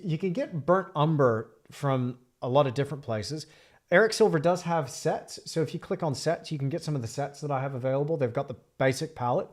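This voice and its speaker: A man streaming live from his art studio, chatting in a reflective, rambling way while he paints. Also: on the high side. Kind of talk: casual livestream chat.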